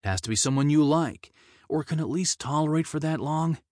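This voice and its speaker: A man plays a cheeky male band manager in his thirties. He talks brisk and teasing, raised well above the reader's own low voice. The sound is dry and close. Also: darkish tone, no echo, natural voice. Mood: insistent.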